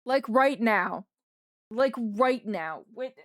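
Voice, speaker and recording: A woman's voice: fairly high pitch, animated, takes it slowly, no echo, clean studio sound. A woman streamer chatting casually from her desk at home while she draws, rambling and talking to her pets. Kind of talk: casual livestream chat while drawing. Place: home desk in a wheeled chair.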